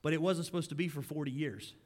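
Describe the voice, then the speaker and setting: A man preaching a sermon as pastor, swinging between loud emphasis and hushed, low lines. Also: fast. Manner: acts out grumbling crowd voices in quotes.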